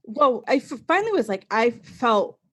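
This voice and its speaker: Brief: woman in her 40s, a podcast guest, lively storyteller, slightly high voice. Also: moderate pace, dry recording. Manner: animated storyteller, acts out quotes. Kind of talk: casual podcast interview.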